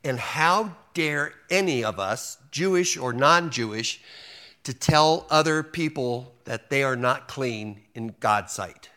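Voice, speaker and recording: A man's voice: mid-range voice, lively intonation, slow pace, sharp tone. A man preaching a sermon to a congregation, folksy and joking, acting out quotes and often restarting his sentences. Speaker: pastor.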